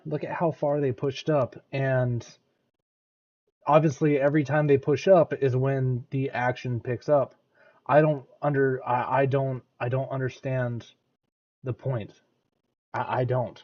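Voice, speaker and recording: Brief: American guy, reaction streamer, halting thinking-out-loud delivery, a bit dull lo-fi mic. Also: medium pitch, little pitch movement. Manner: hesitant, restarts and repeats words. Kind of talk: casual commentary.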